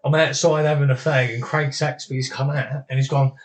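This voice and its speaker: A man's voice: mid-range voice, level tone, fairly quick, noisy background. A man telling stories in a casual chat, swearing freely and laughing as he goes. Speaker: guest, former boxer.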